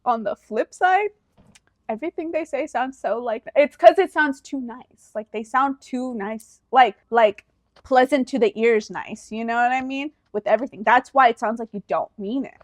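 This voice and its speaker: A woman's voice: a little high, moderate pace, no room sound. A young woman co-hosting a podcast in casual chat, playful, laughing often and arguing back. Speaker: podcast co-host.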